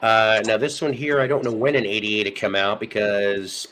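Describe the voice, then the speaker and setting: A man's voice: on the low side, level tone, moderate pace, background noise. A man hosting a casual live show about vinyl records, talking in a chatty, rambling way. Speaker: host.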